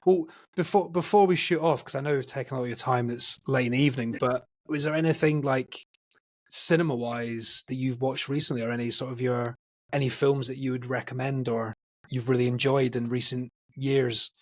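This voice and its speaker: A Scottish-born man hosting a podcast, with a light, softened Scottish accent, talking in a rambling, chatty way full of restarts. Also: medium pitch, fairly even intonation, a little fast. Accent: light Scottish, softened by living in England. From Scotland. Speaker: podcast host. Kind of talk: casual interview chat.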